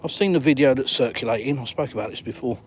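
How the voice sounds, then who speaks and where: A man's voice: mid-range voice, fast talker. Live streamer, male, southern English accent, mid-range voice, casual and dry-humored, faint outdoor noise. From England. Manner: chatty, blunt, dry humor. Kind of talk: casual live stream chat answering viewers. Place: outdoors by the coast.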